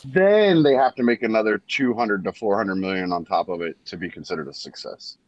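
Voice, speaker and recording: A man's voice: fairly low pitch, a little fast, dry recording, muffled recording. A man co-hosting a podcast, arguing points and telling stories in casual chat. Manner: argumentative, animated storyteller. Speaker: podcast co-host.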